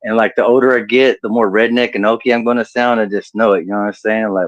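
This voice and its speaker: A man with a drawl spins loose, rambling stand-up stories and chuckles at his own jokes. His voice sits a bit low. The sound is muffled and dry, like a home video call mic. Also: steady tone, quick pace, few pauses, dry recording. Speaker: stand-up comedian. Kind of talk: storytelling stand-up set. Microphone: home computer mic on video call.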